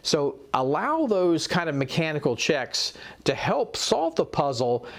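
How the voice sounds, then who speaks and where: Lively, instructive man giving game advice. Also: a little high. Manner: measured, instructive. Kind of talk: explaining game tips.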